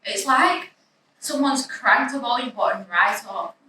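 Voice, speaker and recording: A woman's voice: on the high side, unhurried. A young woman narrating her own story in the first person, in an anxious, breathless, confessional way. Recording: echoey room, distant mic, faint noise.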